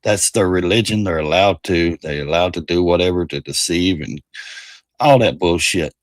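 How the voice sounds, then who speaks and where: A man's voice: sits low, moderate pace, dry recording, clean studio sound. A man hosting a livestream, ranting in a heated, profane and mocking way. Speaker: livestream host. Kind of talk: casual political rant.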